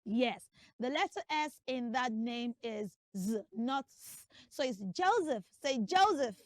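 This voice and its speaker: In a comic classroom skit, a woman with a voice on the high side plays a pronunciation teacher who drills the class emphatically, spelling names letter by letter. Her intonation is lively and her pace unhurried, with clean studio sound and no echo.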